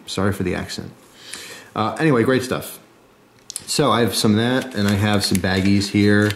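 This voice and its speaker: A man's voice: lowish voice, moderate pace, slight background noise. A man with a New Jersey accent, talking casually as he shows his gear, joking in asides and checking in with "okay?" and "right?". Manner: chatty, jokey asides, frequent "okay?" and "right?". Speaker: survival video host. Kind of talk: casual show-and-tell talk.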